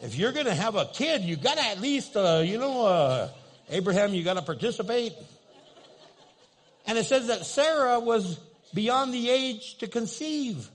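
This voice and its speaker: A man's voice: very high voice, sing-song, normal speed. A man preaching a sermon in a church, telling a story with humor and asking his listeners questions. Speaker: pastor.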